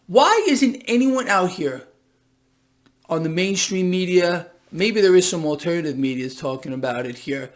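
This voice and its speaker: A man hosting a casual market commentary vlog, tired and exasperated, talking in an animated, mocking way and swearing now and then. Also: high-pitched, moderate pace. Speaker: host of a market commentary channel.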